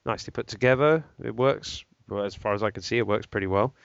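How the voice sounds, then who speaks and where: A man hosting a casual tech podcast, rambling and halting through speculation with lots of fillers. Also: on the low side, vocal fry, no room sound, highs cut off. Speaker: podcast host.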